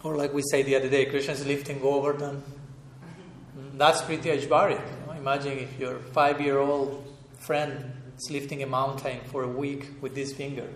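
Softly chuckling man teaching in a roomy hall. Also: medium pitch, little pitch movement, normal speed, a little hiss or hum. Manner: thoughtful, chuckles often, searches for words. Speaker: spiritual teacher. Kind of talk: relaxed scripture class talk. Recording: roomy echo, faint room ambience.

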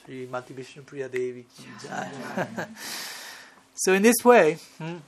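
A man's voice: fairly high pitch, lively intonation, unhurried, gravelly. A swami giving an online devotional lecture in a conversational storytelling way, often checking in with his listeners.

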